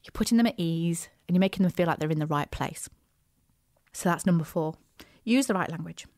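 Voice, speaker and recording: A woman hosting a business podcast, chatty and animated, with frequent asides and restarts. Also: fairly low pitch, brisk, no room sound, studio quality. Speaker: podcast host, business coach. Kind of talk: casual solo podcast talk.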